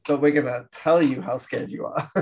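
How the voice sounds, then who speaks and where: A man's voice: fairly high pitch, normal speed, a little mellow. A man co-hosting a podcast, chatting casually about old films, laughing often and acting out quoted lines. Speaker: podcast co-host. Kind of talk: casual film discussion.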